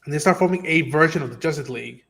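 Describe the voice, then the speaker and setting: Host, male, slightly higher voice; lively, profane, conversational. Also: rapid-fire, gravelly. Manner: animated, profane, acts out quotes. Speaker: stream host. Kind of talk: casual spoiler review chat.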